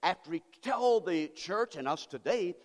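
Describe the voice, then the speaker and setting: A male pastor preaching with a high, swooping voice that leaps and dips through every phrase. He drives his points home through fervent repetition and questions thrown to the congregation. The sound rings with a long reverb from a church sanctuary. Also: lively intonation, unhurried. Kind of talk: sermon.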